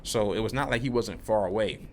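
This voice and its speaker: A man's voice: fairly low pitch, fairly quick, a little hiss or hum. A young man vlogging, telling a rambling, laid-back story about work, full of slang. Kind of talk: casual rambling monologue.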